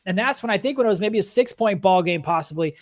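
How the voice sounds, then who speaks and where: Man, high voice, esports commentator, analytical play breakdown. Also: animated, fast talker. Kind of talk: sports commentary.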